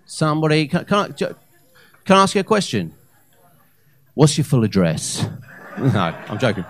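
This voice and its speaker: A man in his thirties performing a live stand-up set on a comedy club stage into a handheld mic, with hesitant fillers and loud punchlines. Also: medium pitch, sing-song, moderate pace. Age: 30s.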